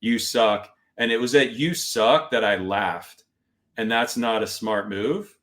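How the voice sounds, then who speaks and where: Unhurried and mid-range in pitch, a middle-aged man recounts a story as a podcast guest in relaxed conversation. He acts out the voices of others with animation, especially the instructors' lines, given in quotes.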